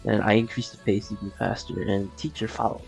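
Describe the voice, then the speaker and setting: A man's voice: on the low side, little pitch movement, a little fast, gravelly, darkish tone, faint music behind. A young man casually telling a personal story, rambling with fillers and acting out quotes.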